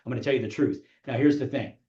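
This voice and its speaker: A man's voice: medium pitch, steady tone, dark tone. A man coaching real estate agents in a motivational training talk, firing rhetorical questions at the audience and acting out clients. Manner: rapid-fire rhetorical questions, acts out clients. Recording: echoey, dull room sound.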